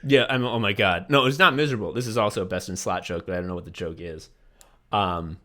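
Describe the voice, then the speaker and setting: Speaking quickly in a fairly low, sharp voice, this man co-hosts a laid-back comedy podcast. He rants, curses, does mocking impressions, and keeps breaking into laughter mid-sentence.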